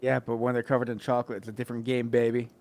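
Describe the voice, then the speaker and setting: A man's voice: mid-range voice, flat delivery, rapid-fire, a little mellow. A man co-hosting a podcast, laid-back and teasing in casual banter. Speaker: podcast co-host.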